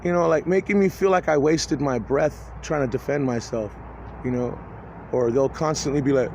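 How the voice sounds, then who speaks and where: A man in his forties talking to camera in a rambling, agitated, profane video monologue, halting and restarting often. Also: mid-range voice, vocal fry, darkish tone, a little hiss or hum. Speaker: vlogger.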